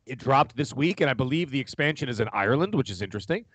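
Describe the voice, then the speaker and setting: A man, chatting casually as a podcast co-host, rambling and animated. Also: mid-range voice, quick pace, slightly rough, no room sound. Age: 40s. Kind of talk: casual chat.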